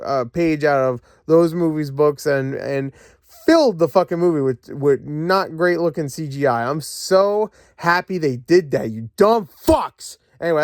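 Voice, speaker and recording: A man's voice: a little high, no echo, studio quality. Sarcastic, swearing male movie reviewer. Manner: sarcastic, profane, frustrated ranting with frequent fillers. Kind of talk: casual ranting review. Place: lying in bed at home.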